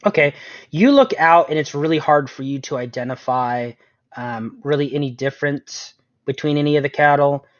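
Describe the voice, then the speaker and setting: A man's voice: a little high, normal speed, no echo. Game master, male, chatty with ums, dull lo-fi recording. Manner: chatty, laughs often, fills with um. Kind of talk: narrating a tabletop game. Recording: dull lo-fi sound, dry room.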